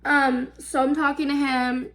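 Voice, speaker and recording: A woman's voice: high voice, little pitch movement, measured pace, a bit bright. A woman in her twenties telling a storytime vlog, rambling and filler-heavy, swearing freely. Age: 20s. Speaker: vlogger. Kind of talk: casual storytime.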